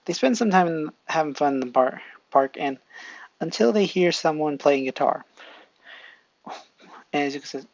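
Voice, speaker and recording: Casual fan story reader, gravelly voice, flat dull audio, restarts a lot. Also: medium pitch, moderate pace, pauses often, dry recording. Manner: rambling, stops to fix slips.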